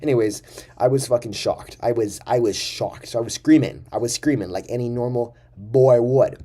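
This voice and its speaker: A man's voice: mid-range voice, normal speed, mellow. A young man telling a rambling, profane story casually to camera as a vlogger.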